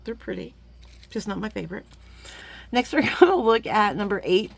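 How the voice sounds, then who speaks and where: A woman, chatting warmly to viewers as she gushes over beads in a casual unboxing vlog. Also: medium pitch, lively intonation, moderate pace, vocal fry. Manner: chatty and gushing, talks to viewers as friends; sometimes drops to a playful whisper. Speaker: jewelry-making vlogger.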